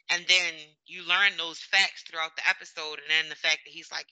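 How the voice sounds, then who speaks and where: A man's voice: on the high side, steady tone, a little fast, gravelly, hardly any pauses, sharp tone, smooth, no echo, poor audio. A man in a casual review chat, reflecting thoughtfully on a show's characters. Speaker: show reviewer.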